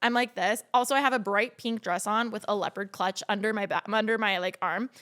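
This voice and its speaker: A woman's voice: medium pitch, brisk. A young woman from Los Angeles, co-hosting a podcast and telling a story in casual chat, full of "like" fillers and acted-out quotes. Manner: lively, many "like" fillers, acts out quotes. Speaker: podcast co-host.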